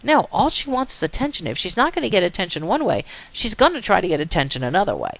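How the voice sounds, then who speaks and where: A woman's voice: on the low side, huge pitch swings, fast talker, vocal fry. A woman psychology teacher lecturing, telling a story and asking rhetorical questions.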